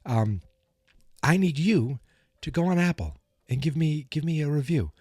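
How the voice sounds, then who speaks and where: A man's voice: on the high side, expressive, normal speed, a little mellow, slightly rough, dry recording, clean studio sound. A man hosting a podcast, recapping in a chatty, rambling, self-joking way, with a scratchy morning voice. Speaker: podcast host. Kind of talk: casual recap monologue.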